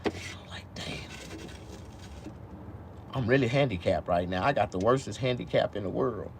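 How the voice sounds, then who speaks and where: A man's voice: quick pace, vocal fry, noisy background. A man chatting casually on a live stream, rambling and swearing, with speech slurred by missing teeth. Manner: rambling, swears a lot, swings from low mumbles to loud excited outbursts.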